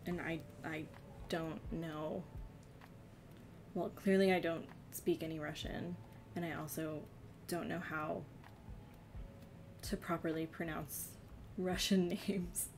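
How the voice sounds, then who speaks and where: A woman's voice: low-pitched, steady tone, slow pace, pauses often, darkish tone, slight background noise. A young woman from New Jersey with a slight New Jersey accent, chatting casually with her stream chat, giggly and self-deprecating.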